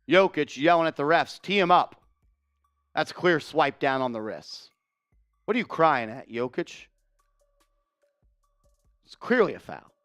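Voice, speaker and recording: A man calling a live game as a fan streamer, fast and openly partisan, shouting at big plays and grumbling about the refs. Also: a little high, animated, clean tone, no room sound, clean studio sound, soft background music. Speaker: play-by-play streamer. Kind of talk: live fan play-by-play commentary.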